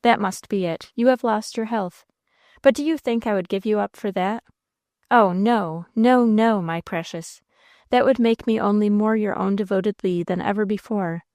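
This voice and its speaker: An ardent young suitor from an old romance pleads with emphatic devotion, as a woman narrator voices him. The voice is smooth and clear, and the sound is close and dry. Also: mid-range voice, moderate pace, a little mellow, no room sound, natural voice. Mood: tender, pleading.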